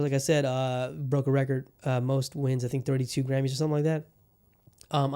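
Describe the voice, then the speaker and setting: Hosting his own podcast, a man rants casually and rambles with heavy swearing, going from somber to heated. He has a warm, mid-range voice.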